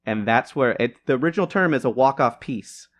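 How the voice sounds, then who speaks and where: A man co-hosting a casual podcast, talking at an ordinary middle pitch. He rambles through his points, restarting sentences and laughing as he goes. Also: lively intonation, fairly quick. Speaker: podcast co-host. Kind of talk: casual chat.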